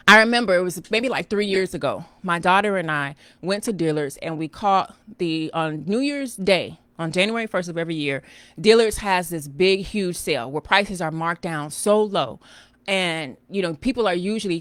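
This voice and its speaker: A woman's voice: lowish voice, no echo. A middle-aged woman, a financial coach talking casually and animatedly to her viewers, calling them "girl" and "child". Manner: animated, folksy, calls listeners "girl" and "child". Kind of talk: casual live-stream talk.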